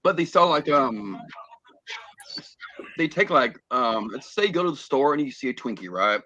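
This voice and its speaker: A man's voice: mid-range voice, lively intonation, normal speed, pushed and bright, no room sound, lo-fi sound. A man telling a rambling story as a guest on a podcast, full of fillers and restarts. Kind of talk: casual chat on a call.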